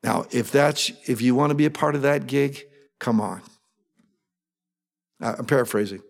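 A male pastor preaching a sermon, animated, often acting out eager voices with sudden jumps in pitch. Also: moderate pace, creaky.

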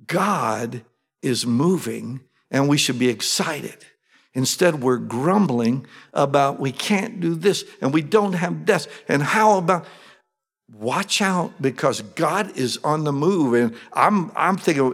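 A man preaching a sermon, reading and explaining scripture in a conversational way that swings from emphatic to hushed. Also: medium pitch, expressive, measured pace, creaky. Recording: long reverb of a large hall.

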